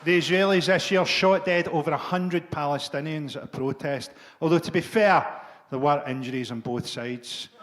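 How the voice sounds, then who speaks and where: Sardonic comedian, high voice. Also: male voice, normal speed. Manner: dark, sardonic, swearing. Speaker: stand-up comedian. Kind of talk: stand-up comedy set.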